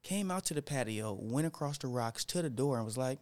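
A man's voice: mid-range voice, brisk. A man casually telling a story in slangy talk, acting out what people said. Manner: animated, slangy, acts out quotes. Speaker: storyteller in group chat.

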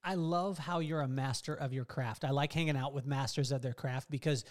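A man's voice: medium pitch, fairly even intonation, brisk. A middle-aged man hosting a podcast, chatting casually with his guest in an enthusiastic, admiring way. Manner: enthusiastic and admiring, with warm reactions. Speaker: podcast host. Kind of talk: casual interview chat.

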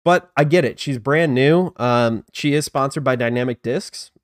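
A man's voice: medium pitch, normal speed, dry recording, studio quality. A man hosting a casual live-streamed disc golf news show, chatting loosely and self-deprecatingly while greeting viewers in the chat.

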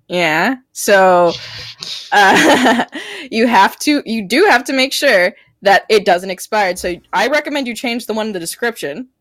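A woman's voice: a little high, lively intonation, a little slow, a bit bright, no room sound, clean studio sound. A woman caller on a livestream who speaks bluntly and sarcastically and explains things at length. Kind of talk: casual livestream chat.

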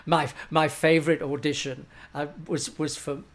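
A man's voice: fairly high pitch, flat delivery, moderate pace. An older man, a stage actor, tells an anecdote in an interview and acts out the voices of the people he quotes. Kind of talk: anecdotal storytelling.

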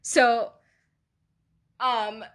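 Chatty young woman with a higher voice. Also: little pitch movement, drawn-out words, a bit bright. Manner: chatty, laughs often, rambling asides. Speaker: podcast host. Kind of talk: casual confessional chat.

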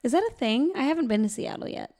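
Chatty woman from Boston, gravelly. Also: high voice, animated, dark tone. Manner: chatty, jokey, quick laughs. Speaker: podcast co-host. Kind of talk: casual chat about a film.

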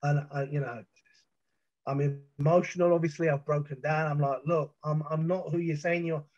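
With a high-leaning, slightly mellow voice and fairly even intonation, a middle-aged podcast guest from the United Kingdom recounts a personal ordeal at a moderate pace. His storytelling is intense and vivid, broken by restarts and swearing, on muffled, dull audio.

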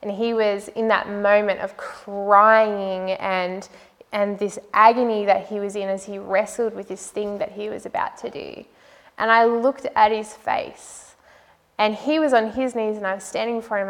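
A woman's voice: medium pitch, fairly even intonation, normal speed. A woman sharing a personal faith testimony, earnest and heartfelt, often using "like" as a filler. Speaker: speaker sharing her faith story.

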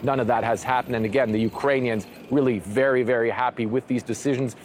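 Fast-talking male correspondent. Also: mid-range voice, fairly even intonation, a little mellow, a little hiss or hum. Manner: brisk reporting with fillers. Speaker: foreign correspondent. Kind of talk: live news report.

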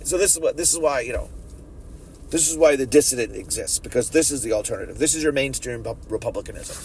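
A podcast host delivering a profane, sneering rant in an angry monologue. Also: male voice, mid-range voice, fast talker. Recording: distant mic with loud traffic noise.

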